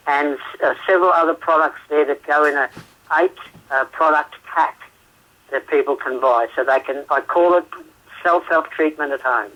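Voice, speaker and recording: A man's voice: a little high, pushed and bright. Chatty Australian man on a call-in interview. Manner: chatty, laughs often, hesitant fillers. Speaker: guest therapist. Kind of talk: phone interview. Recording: radio show phone line.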